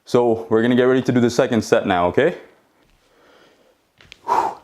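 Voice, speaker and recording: A man's voice: medium pitch, quick pace, darkish tone. Encouraging male home workout coach. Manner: encouraging, checks in with frequent "okay?"; counts reps while exercising along. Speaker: fitness instructor.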